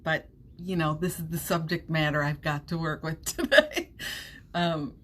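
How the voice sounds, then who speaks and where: Slow-talking woman chatting on a live stream. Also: sits low, steady tone. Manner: chatty, laughs often, warm reassurances. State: runny nose. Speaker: livestream host. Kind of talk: casual live-stream chat.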